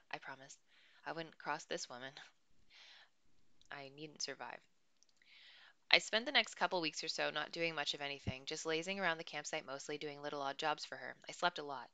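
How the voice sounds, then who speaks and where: A woman reading a novel aloud in an expressive, dry first-person narration. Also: low voice, clean tone, dry recording. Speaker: audiobook reader.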